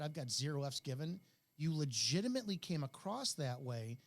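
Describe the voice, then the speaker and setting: A man's voice: a little high, a bit bright. A middle-aged man hosting an interview, talking bluntly in long rambling turns. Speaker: host. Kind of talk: interview, casual chat.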